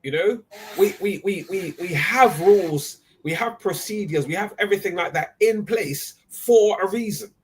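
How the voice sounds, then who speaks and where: A man's voice: sits high, moderate pace, a little hiss or hum. A man hosting a live online talk, emphatic and often tagging his points with "right?". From Nigeria. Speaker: host.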